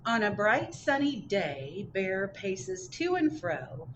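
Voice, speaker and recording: A woman librarian reading picture books aloud at storytime, expressive, with chatty asides in a public library. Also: medium pitch, takes it slowly, slight background noise, low-quality recording. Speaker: children's librarian. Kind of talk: picture book read-aloud.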